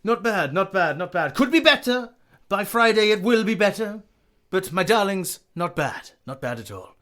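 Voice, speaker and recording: A man's voice: high voice, big pitch swings, normal speed, fairly bright tone, pitched above the performer's own voice. A man voicing a flamboyant, demanding male ballet master in a tabletop game, giving theatrical, bossy commands.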